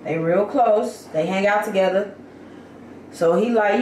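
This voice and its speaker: A woman's voice: medium pitch, a little slow, a little mellow, slight background noise. A woman vlogger talking casually and candidly to her viewers, venting about her day. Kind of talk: casual vlog chat. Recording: echoey room, mic at a distance.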